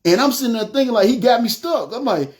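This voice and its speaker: A man's voice: very high voice, expressive, fast. A man giving a personal testimony to the camera, talking conversationally and calling his listeners y'all. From North Memphis, USA. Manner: frequent "you know what I'm saying" fillers.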